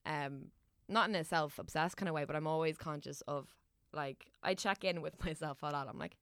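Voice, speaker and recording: A young woman with a lowish, gravelly voice, chatting as a podcast guest. She talks in a self-deprecating way with frequent laughs and restarts. The recording is dry and close. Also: normal speed, no room sound. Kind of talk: casual chat.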